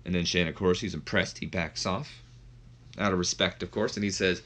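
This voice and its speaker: A man hosts a gaming video and recaps the action in a loose, rambling way. His voice is low and bright, with a forceful edge. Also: steady tone, moderate pace. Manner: rambling, full of fillers. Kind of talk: casual game commentary.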